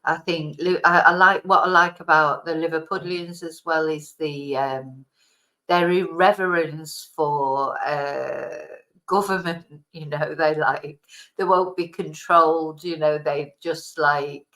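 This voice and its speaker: A vlogger from Manchester who now lives in Spain chats casually with her viewers from home, rambling along and often stopping to correct herself, her Mancunian accent softened over time. Her voice sits low for a woman, steady and slow yet bright and forceful. She laughs easily as she talks.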